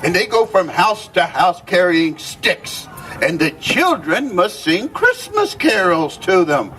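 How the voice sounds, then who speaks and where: A man's voice: high voice, sing-song, pushed and bright, distant mic, a little hiss or hum, full character voice. A man playing Papa Noel, chuckling old gift-bringer. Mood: jolly. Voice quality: chuckling, theatrical, drawn-out exclamations. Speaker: costumed storyteller. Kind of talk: live character storytelling to a crowd.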